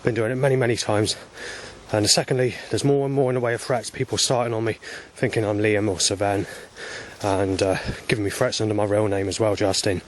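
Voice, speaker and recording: A man's voice: fairly low pitch, little pitch movement, brisk, slight background noise. A man vlogging on a walk outdoors by a road, talking in a rambling, agitated and profane monologue.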